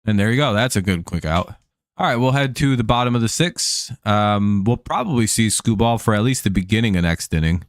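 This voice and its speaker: A man's voice: fairly low pitch, expressive, brisk, no echo. A man hosting a baseball watch-along stream, chatting casually and joking with plenty of swearing, recorded on a close, dry mic. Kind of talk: casual live-stream game commentary.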